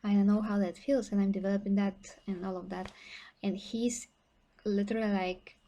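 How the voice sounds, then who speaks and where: A woman's voice: medium pitch, flat delivery, moderate pace, mellow, dull audio. A young woman talking casually to her viewers about fitness in a blunt, chatty way, with many fillers and restarts. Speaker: fitness vlogger. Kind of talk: casual livestream talk to viewers.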